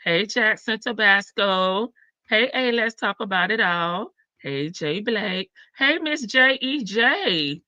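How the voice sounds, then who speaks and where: Bright-voiced chatty woman livestream host. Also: mid-range voice, expressive, takes it slowly, no echo, muffled recording. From Chicago. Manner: chatty, greets viewers one by one, sassy asides. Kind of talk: casual livestream chat.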